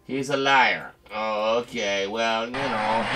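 A man's voice: on the low side, extremely slow, heavy background noise. A man performing a one-sided comedy skit, nervous and placating, stammering as he talks to someone unseen.

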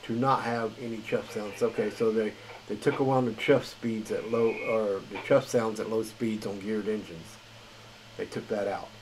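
A man's voice: on the low side, steady tone, moderate pace, a little hiss or hum, poor audio. A man hosting a gaming channel, reading patch notes in a tired, rambling, casual way. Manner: rambling, filler-heavy, chuckles at himself. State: tired late at night.

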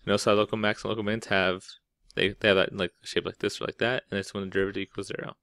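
A man's voice: lowish voice, little pitch movement, very fast, creaky, a bit bright, no room sound. A man teaching a math lesson, explaining step by step in a casual way and often checking in with "right?". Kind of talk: classroom lecture.

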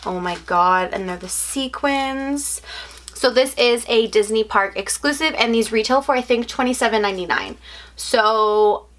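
A woman's voice: fairly high pitch, a little slow, a bit bright. A young woman from outside the US doing a casual unboxing video, gushing, gasping and squealing over each item. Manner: gushing, gasps and squeals often. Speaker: unboxing vlogger. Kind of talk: excited casual unboxing chat.

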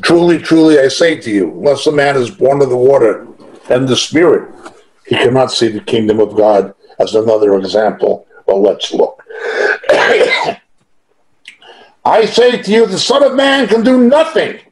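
A man's voice: mid-range voice, very animated, moderate pace, a little mellow, low-quality recording. A man teaching through a Bible passage verse by verse, reading it aloud and stressing points by repeating them. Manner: emphatic, repeats key phrases, reads verses aloud.

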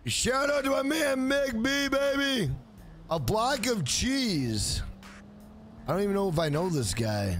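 A man's voice: very high-pitched, big pitch swings, unhurried, fairly bright tone, faint music behind. A man around forty, streaming a game live, hyping up and thanking his chat in a casual, profane way. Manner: hyped, profane, reads out viewer names.

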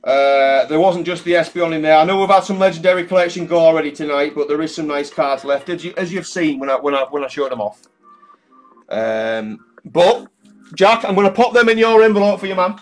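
A man's voice: fairly high pitch, a little fast. A man hosting a live-stream card draw in casual chat, calling everyone mate and swearing freely. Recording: faint music in the background.

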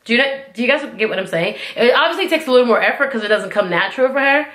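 A woman's voice: on the high side, animated, rapid-fire, fairly bright tone, reverberant. An American woman hosting a reaction video, chatting casually with lots of fillers and giggles. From United States.

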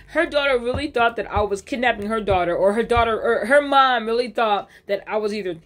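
A woman's voice: a little high, brisk, hardly any pauses. A woman telling a personal story in a casual storytime vlog, rambling, cursing freely and correcting herself mid-sentence. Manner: rambling, profane, uses slang fillers; restarts and self-corrections.

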